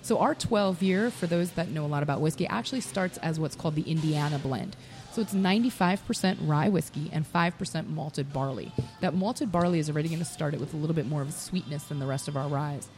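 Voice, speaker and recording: Low-voiced woman telling a story in a bar. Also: fast. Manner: animated storyteller who acts out dialogue. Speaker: whiskey brand representative, guest. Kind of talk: casual storytelling interview. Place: busy bar. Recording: bar with faint background music.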